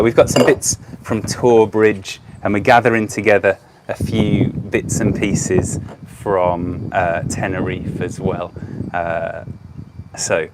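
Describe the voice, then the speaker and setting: A man with a Brummie accent presenting an educational live stream outdoors, chatty and upbeat, with frequent ums and uhs. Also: lowish voice. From Birmingham, England. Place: outdoors by a car park. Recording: noisy outdoor phone stream.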